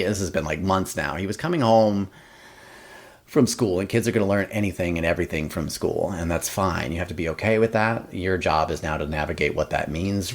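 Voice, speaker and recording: A young adult man, a podcast guest, chatting casually, rambling with many fillers and restarts and acting out quotes from his family. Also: low-pitched. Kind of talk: casual interview chat.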